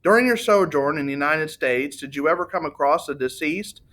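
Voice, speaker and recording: A man's voice: on the high side, a little fast, fairly bright tone, natural voice. A man voicing a precise detective who asks formal, dry questions. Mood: probing. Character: precise, dry-witted older male detective.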